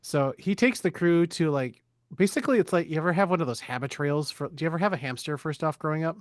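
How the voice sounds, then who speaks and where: A man with a fairly high voice recaps a movie plot for his podcast, casual and crude. His irreverent jokes keep the telling loose. The sound is close and dry. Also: quick pace, dry recording.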